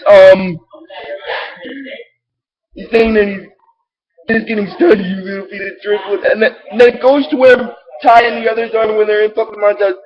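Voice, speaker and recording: A man hosting his own show, rambling through an excitable recap with many restarts. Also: high-pitched, rough recording. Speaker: show host recapping episodes.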